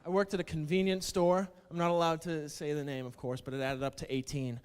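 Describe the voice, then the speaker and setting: A man doing a stand-up comedy set, wry and self-deprecating, building to loud indignant outbursts. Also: a little high, level tone, fairly quick, a little hiss or hum. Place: comedy stage before a live audience. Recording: stage mic in a reverberant hall with laughing crowd.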